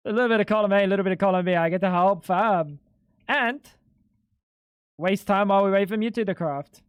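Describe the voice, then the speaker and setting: Male game streamer, high voice, dry close sound; blunt, exasperated, cusses casually. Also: normal speed, pauses often, clean tone, no room sound. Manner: blunt, exasperated explaining, swears freely. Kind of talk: casual livestream chat while gaming.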